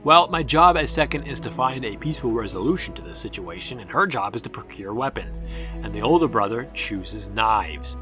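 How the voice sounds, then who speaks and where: A man's voice: medium pitch, lively intonation, normal speed, over music. A man narrating a sarcastic game review, ranting and exasperated. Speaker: gaming video reviewer.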